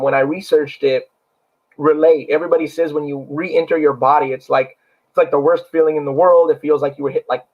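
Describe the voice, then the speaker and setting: An actor who is also a paranormal investigator tells a story during a casual interview, earnest and rambling with many fillers. His voice is gravelly and on the high side, and the recording sounds dull and lo-fi.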